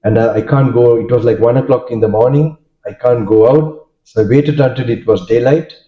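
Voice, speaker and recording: Monk recounting stories in an echoey hall. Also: male voice, mid-range voice. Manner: halting, storytelling, many fillers and restarts. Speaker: Buddhist monk giving a talk. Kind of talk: informal dharma talk. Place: hall with audience. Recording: dull echoey hall recording.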